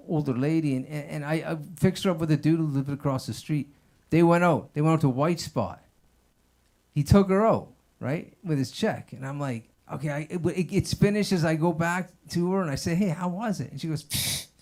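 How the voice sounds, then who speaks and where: A man's voice: a little high, darkish tone. A man doing a loose, rambling stand-up set at an open mic, peppering his talk with "like" and "man". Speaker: stand-up comedian. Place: stage at an open mic showroom.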